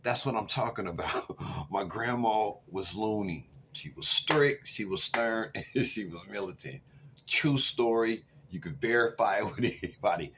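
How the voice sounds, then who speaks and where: A man in his forties telling a story to camera in a casual, animated way, swinging from loud outbursts to hushed asides. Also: fairly low pitch, measured pace, slight background noise. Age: 40s. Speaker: vlogger.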